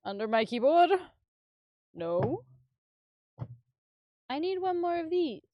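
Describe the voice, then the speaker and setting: A woman's voice: sits high, sing-song, takes it slowly, dry recording, highs cut off. A woman streamer chatting casually and giggling while she builds, swearing now and then and filling her talk with fillers.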